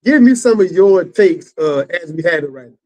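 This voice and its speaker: A man from Texas chats casually as a guest on a talk show. He sounds friendly and hesitant, tripping over his words, and his voice sits notably high for a man. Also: animated, normal speed, darkish tone, lo-fi sound. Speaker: guest co-host. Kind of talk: casual chat.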